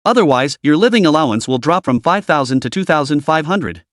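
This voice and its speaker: A calm young man who never gets rattled and speaks deadpan, as a male reader voices him. The voice is somewhat high for a man, with lively pitch. It is recorded close and dry. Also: brisk, no echo, close to an everyday voice.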